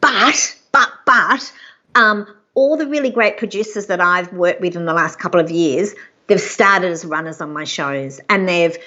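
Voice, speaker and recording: Woman producer, lively and chatty, slightly muffled lo-fi sound. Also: on the low side, a little slow. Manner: chatty, animated, acts out quoted people. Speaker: executive producer, guest. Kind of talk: casual live interview.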